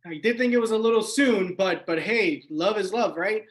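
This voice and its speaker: An improv performer playing an easygoing young man who stammers while calming a friend. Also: medium pitch, moderate pace, close to an everyday voice. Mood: soothing. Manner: soothing, stammering, chummy. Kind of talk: improvised comedy scene.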